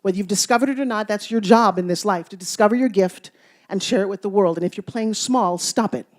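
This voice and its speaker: A motivational speaker, she talks fast in a mid-range voice to a live audience. Her storytelling mixes playful teasing with sudden loud bursts and soft, hushed asides.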